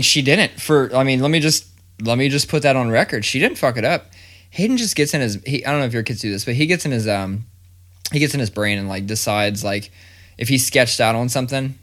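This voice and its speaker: A man in his thirties chatting casually with a friend, swearing freely as he tells an animated story. He mimics the people he quotes, and his pitch sits in an ordinary middle range. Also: brisk. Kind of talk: casual chat.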